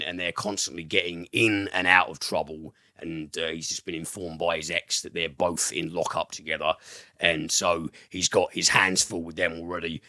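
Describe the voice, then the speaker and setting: A man's voice: sits low, fairly bright tone, dry recording, studio quality. A man hosting a podcast, reviewing a film in casual, rambling chat with plenty of fillers and swearing.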